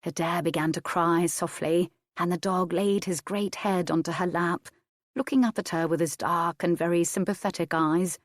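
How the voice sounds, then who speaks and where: A woman narrates a historical romance in a measured, steady reading. Her voice sits low, and the recording is dry with no room sound. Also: dry recording. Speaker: audiobook narrator. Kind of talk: scripted narration.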